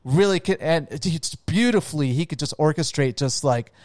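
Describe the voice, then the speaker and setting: A man's voice: fairly high pitch, lively intonation, normal speed, darkish tone, dry recording. Casual man, dry close sound. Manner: rambling, says "dude" and "like" often, swears casually. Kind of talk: casual chat.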